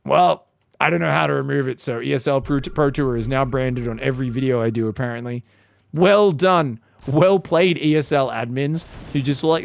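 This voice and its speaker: Male game caster, high voice, gravelly, sarcastic rambling commentary. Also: moderate pace. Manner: sarcastic, rambling, profane jokes. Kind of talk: casual esports commentary.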